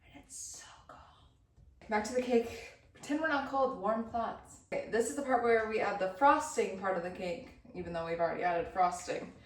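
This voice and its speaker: A woman's voice: medium pitch, brisk, hardly any pauses. A woman vlogging as she bakes, talking casually with a chatty, self-deprecating humor. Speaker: baking vlogger. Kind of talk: casual chat while baking. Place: cold kitchen. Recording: roomy, from a distance.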